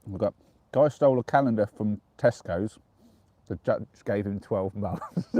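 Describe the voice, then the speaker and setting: An English man chatting casually on a live stream from the dark woods at night, giggling as he reads out viewer jokes. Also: fairly low pitch, measured pace, dry recording. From England.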